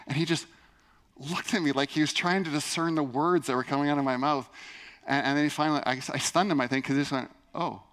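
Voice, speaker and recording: A man's voice: a little high, fairly even intonation, quick pace, fairly bright tone. Earnest, chatty male preacher. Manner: earnest, conversational, frequent "and so anyways". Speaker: pastor. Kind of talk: sermon with personal storytelling.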